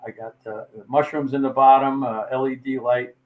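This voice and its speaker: A man's voice: mid-range voice, level tone, normal speed, narrow, tinny audio. An older man casually presenting his wood carvings, folksy and rambling with plenty of fillers. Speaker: sculptor presenting his work. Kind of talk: casual show-and-tell talk.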